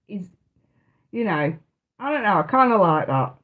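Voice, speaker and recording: A woman's voice: mid-range voice, sing-song, moderate pace, phone-quality sound. Chatty woman live streaming. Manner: chatty, hesitant, often restarting, laughs a lot. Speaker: tarot reader hosting a live stream. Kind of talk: casual live-stream chat.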